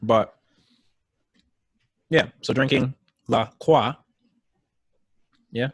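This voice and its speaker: A man's voice: medium pitch, very slow, breathy edge, no room sound. Rambling man, dry close mic. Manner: rambling, heavy use of "like" and "um". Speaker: podcast co-host, trainer. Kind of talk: casual chat.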